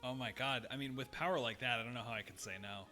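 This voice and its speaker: A man's voice: mid-range voice, fast, sharp tone, soft background music. A man playing a game live on stream, thinking aloud with hesitant fillers and some dry humor. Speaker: game streamer, main player. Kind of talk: live gameplay chat.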